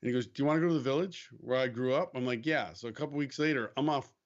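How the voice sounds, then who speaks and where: A man speaking as a guest on a faith podcast, telling a story in a casual, animated way, acting out quoted lines and laughing easily. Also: mid-range voice, rapid-fire, dull audio. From United States.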